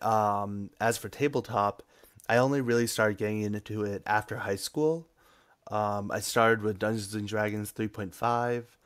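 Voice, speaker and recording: A man from Massachusetts, a game designer, talking casually as a guest in an interview, relaxed and hesitant with frequent ums. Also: on the low side. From Massachusetts, USA.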